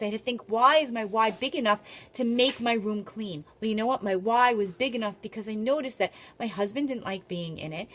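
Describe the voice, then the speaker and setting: A woman's voice: mid-range voice, a bit bright. A middle-aged woman talking to her camera in a casual, motivational way, earnest and confessional, repeating phrases for emphasis. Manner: emphatic, repeats herself for stress. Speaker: vlogger and small business owner.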